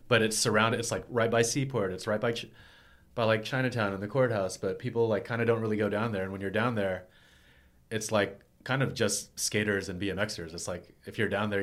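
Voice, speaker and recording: Easygoing low-voiced man telling stories. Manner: loose and rambling, heavy on filler words. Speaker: skateboarder guest. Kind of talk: casual storytelling chat.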